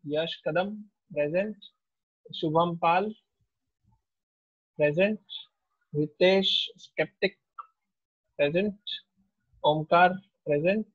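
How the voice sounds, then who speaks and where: A man, a teacher taking attendance in an online class in a slow, unhurried way. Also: fairly high pitch, slightly rough. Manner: slow, unhurried roll call. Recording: tinny, phone-like audio.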